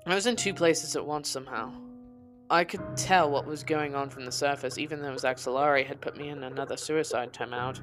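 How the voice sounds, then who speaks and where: A podcast narrator telling a personal story in the first person, in a quiet, intense, confessional way. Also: medium pitch, brisk, soft background music.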